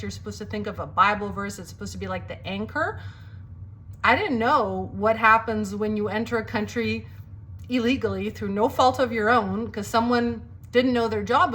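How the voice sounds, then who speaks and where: A woman's voice: fairly high pitch, a bit bright, a little hiss or hum. A woman who grew up in Greece, telling a personal testimony story and acting out the dialogue as she goes.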